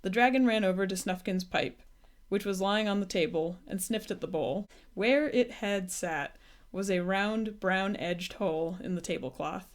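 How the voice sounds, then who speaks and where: A woman reading a children's storybook aloud in a gentle, unhurried way. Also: mid-range voice. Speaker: storybook reader.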